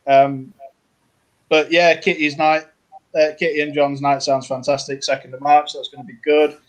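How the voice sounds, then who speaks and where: A man comedian on a panel show, chatting in a relaxed, easygoing way. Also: on the high side, moderate pace. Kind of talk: casual chat.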